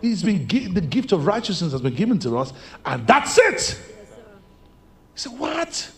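Man, pastor preaching, lively, somewhat high voice, faint noise. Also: moderate pace. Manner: preaching with big swings from shouts to near-whispers. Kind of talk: sermon.

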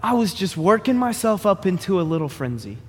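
A male pastor with a rather high, husky voice preaches in an animated, joking way. He talks to the congregation like a friend. His voice carries the long ringing reverb of a big church hall. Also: brisk. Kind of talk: sermon.

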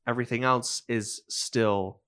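A man running a tabletop game, describing scenes at a middle pitch and an easy pace. He laughs often between his lines of narration. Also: steady tone, a little slow, fairly bright tone. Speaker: game master.

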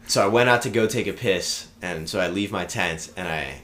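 A man's voice: sits low, moderate pace, fairly bright tone, a little hiss or hum. A young man in his twenties, a podcast guest, casually telling rambling stories, swearing freely and laughing as he goes. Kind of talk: casual storytelling.

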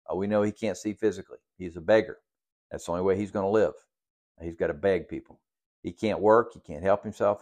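Male pastor, very low voice, teaching style, walks through numbered questions. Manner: works through numbered study questions, with restarts. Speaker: pastor leading a Bible study. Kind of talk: sermon.

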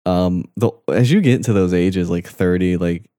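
Low, dark-voiced young man chatting. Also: normal speed, dry recording, clean studio sound. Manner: laughs often, reads posts aloud mockingly. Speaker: podcast co-host. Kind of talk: crude casual chat.

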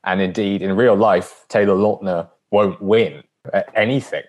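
A man's voice: lowish voice, steady tone, moderate pace, darkish tone, lo-fi sound. A man co-hosting a casual podcast about films, joking and acting out lines in character. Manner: joking, acts out quotes in character. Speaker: podcast co-host. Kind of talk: casual film discussion.

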